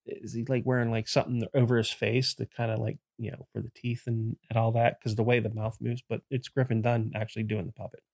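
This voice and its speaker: A man co-hosting a casual film podcast, relaxed, paraphrasing scenes in acted voices. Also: mid-range voice, a little fast, creaky, hardly any pauses, dry recording, clean studio sound. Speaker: podcast co-host.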